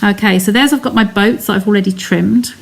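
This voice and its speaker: An English craft demonstrator gives a live card-making demonstration, chatting casually, narrating each step and answering viewers' comments. Her voice is medium-pitched and creaky, and she talks fairly quickly.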